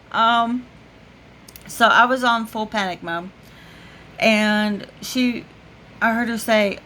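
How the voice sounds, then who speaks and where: A woman's voice: medium pitch, slight background noise. Chatty woman telling a story, laughing. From United States. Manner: animated, laughing often, with many fillers. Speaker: vlogger. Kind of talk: casual storytelling.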